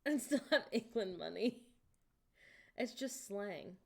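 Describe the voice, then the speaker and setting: A woman's voice: mid-range voice, animated, slow pace, vocal fry. Young american woman chatting on a stream, jokey, laughs a lot, gets all incredulous. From United States. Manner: chatty, reads chat aloud and jokes, laughs often; incredulous outbursts. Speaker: livestream host. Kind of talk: casual live-stream chat.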